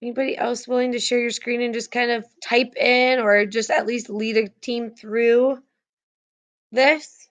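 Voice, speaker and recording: A woman's voice: a little high, flat delivery, a little slow. Chatty woman teaching an online class. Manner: chatty, filler-heavy, many restarts. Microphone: video call.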